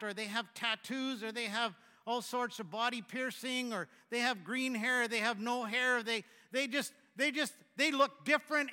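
A man with a high, bright voice delivers a sermon as the pastor. He speaks in a conversational way with frequent restarts, rising loud and then dropping to a hush. His voice carries through a hall with a long reverb. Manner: conversational, halting restarts, swings from loud to hushed.

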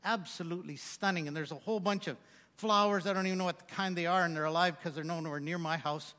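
Man preaching, high voice, bright tone, joking asides, long hall reverb. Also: fairly even intonation, quick pace. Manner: joking, self-mocking asides between scripture readings. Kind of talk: sermon.

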